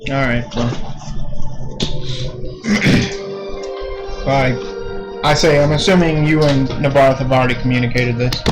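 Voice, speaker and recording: A man voicing a male commander who questions his men in a measured, authoritative way. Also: medium pitch, steady tone, music in the background, natural voice, rough recording. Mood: probing. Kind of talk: voicing a character in a tabletop game.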